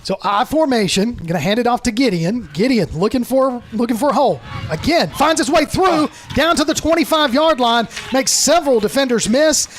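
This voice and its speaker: A man calling high school football play-by-play, brisk and steady, building up on big plays. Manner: brisk play calling, rises to shouting on scores. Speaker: play-by-play announcer.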